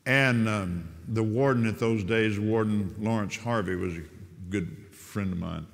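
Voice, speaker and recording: An older man, a prison minister, telling a testimony story with animated, stumbling repetitions. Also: lowish voice, measured pace, vocal fry. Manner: animated, repeats and restarts words. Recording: long hall reverb.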